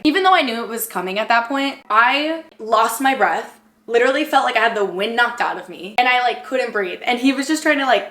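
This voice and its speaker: A young woman with a bright, forceful voice, fairly high-pitched, tells a story to camera in a rambling, excitable rush full of fillers. She sounds emotional, close to tears. The room is echoey. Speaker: vlogger.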